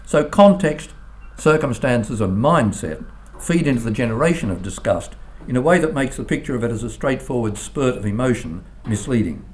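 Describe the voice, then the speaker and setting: An older man, a philosophy professor, reading a formal academic lecture in a measured way, with the odd stumble. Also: mid-range voice, lively intonation, darkish tone. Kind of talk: academic lecture read from a text.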